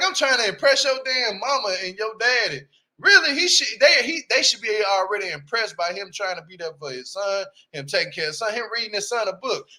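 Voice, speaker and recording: Very high-pitched, pushed and bright, this young reality TV reviewer talks in AAVE with casual, slang-packed bluntness. He's brash in his takes and keeps asking "you hear me?".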